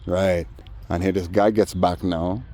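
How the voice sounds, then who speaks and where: A man telling a story in a casual monologue, animated and acting out the voices of others. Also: deep voice, a little slow. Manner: animated, acts out voices in quoted dialogue. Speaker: vlogger.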